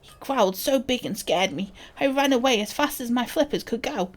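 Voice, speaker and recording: A woman's voice: fairly high pitch, expressive, fairly quick, pitched above the performer's own voice. A woman reading out a note in the voice of a young froglok boy, like a storybook read-aloud. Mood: wide-eyed.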